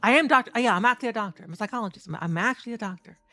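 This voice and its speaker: A woman recounting a tournament over her match footage in a candid, profane, animated way. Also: a little high, rapid-fire, soft background music. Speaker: streamer and competitive fighting game player.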